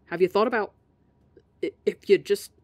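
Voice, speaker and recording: A woman's voice: medium pitch, normal speed, dry recording, lightly acted. A woman voicing an exasperated young man scolding his friend over a call.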